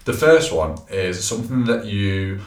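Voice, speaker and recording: A man's voice: on the low side, big pitch swings, measured pace. A man, a personal trainer co-hosting a podcast, chatting casually and explaining tips, with lots of fillers. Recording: echoey room, a bit far from the mic.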